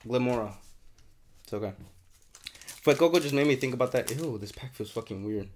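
A young man hosting a card unboxing, chatting casually with lots of swearing and bursts of excitement, congested and sniffly. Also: mid-range voice, a little fast, a little hiss or hum. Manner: profane, excitable, rambling. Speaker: card unboxing channel host.

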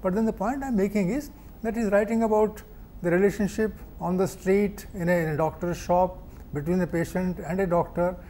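Male lecturer, mellow tone, halting delivery full of fillers. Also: high voice, a little hiss or hum. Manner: explains slowly with many fillers and restarts. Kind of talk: academic lecture.

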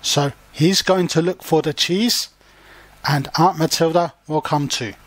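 A man's voice: fairly high pitch, steady tone, a little slow, no echo. A man reading a children's picture book aloud for language learners and explaining it in simple words. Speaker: storybook reader and language teacher.

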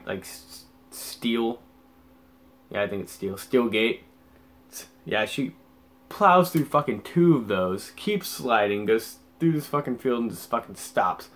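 A man's voice: medium pitch, a bit bright. A young man telling a story in a rambling, casual way, swearing heavily and filling gaps with "like". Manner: rambling, heavy swearing, lots of fillers. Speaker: vlogger.

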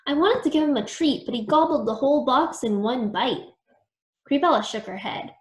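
A woman reads a children's book aloud in an expressive, animated storytime manner. Her voice sits fairly high. The recording has a roomy echo. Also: normal speed. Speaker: storytime reader.

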